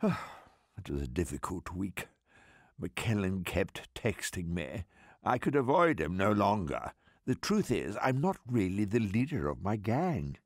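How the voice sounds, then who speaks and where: An older man with a Scottish accent, narrating and acting in a scripted radio comedy with dry, deadpan delivery. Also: low voice, a little slow, slightly rough, no room sound. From Scotland.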